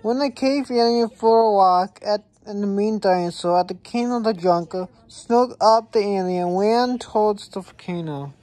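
Slow, mellow woman reading a storybook. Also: mid-range voice. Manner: slow, halting reading with stumbles. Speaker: reader. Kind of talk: reading a children's picture book aloud.

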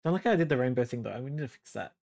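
Drawing while livestreaming, an Australian artist chats in a middling-pitched voice with rapid-fire delivery and vocal fry. The casual, friendly talk jumps up in excitement when she reads viewers' messages and sinks to low muttering while she works.

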